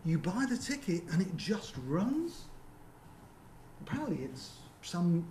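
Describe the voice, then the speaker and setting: A man presenting at a seminar in a theatre, talking conversationally with frequent ums and quick rhetorical checks with the audience. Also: high voice, very animated, mellow. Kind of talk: conference presentation. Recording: roomy venue with faint background hum.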